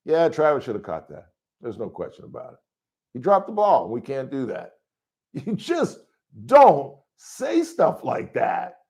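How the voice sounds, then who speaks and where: A middle-aged man hosting a call-in sports radio show in a studio, talking loudly and rambling through stories. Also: mid-range voice, moderate pace. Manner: loud, rambling, animated storytelling.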